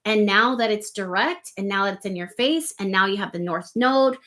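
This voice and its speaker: Bright-voiced woman astrologer on a live stream. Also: medium pitch, moderate pace. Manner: conversational, full of rhetorical questions, reads viewer comments.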